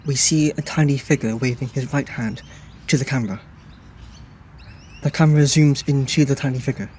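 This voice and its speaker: A man's voice: mid-range voice, normal speed, a little mellow, slight background noise. A man reading a screenplay's scene directions aloud in a dry, matter-of-fact way. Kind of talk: scripted narration of scene directions.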